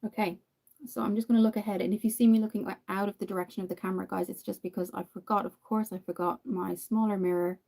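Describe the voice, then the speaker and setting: A woman's voice: medium pitch, fairly even intonation, fast talker, gravelly, warm tone. A woman from Ireland with an Irish accent, chatting casually to viewers while doing her makeup on a livestream. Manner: chatty, answers viewer comments, many fillers.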